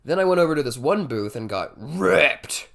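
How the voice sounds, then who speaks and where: A man in his twenties telling a comic story in a casual, swearing storytime style, jumping suddenly from muttered asides to loud bursts. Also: on the high side, lively intonation, normal speed, gravelly. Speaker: comedy storyteller. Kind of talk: comedic storytime monologue.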